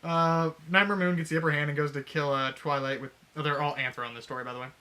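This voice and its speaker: Brief: male co-host, bright and somewhat high voice, laughing, profane, acts out quotes in casual chat. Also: fairly even intonation, fast talker. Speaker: podcast co-host. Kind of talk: casual chat retelling a fanfic.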